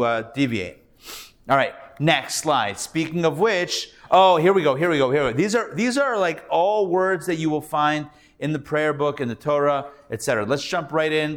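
A male rabbi teaching a live Hebrew reading class, patiently sounding out syllables and repeating them. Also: on the high side. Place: class recorded live in a room.

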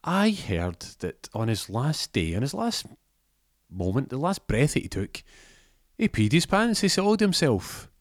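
A man voicing a hot-headed, panicky father who shouts in a strained, high voice. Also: big pitch swings, a little slow, no room sound, studio quality. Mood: mocking.

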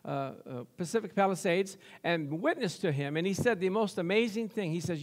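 High-voiced preaching man. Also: brisk, few pauses. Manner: rising to excited preaching with call-and-response. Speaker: pastor. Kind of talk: sermon.

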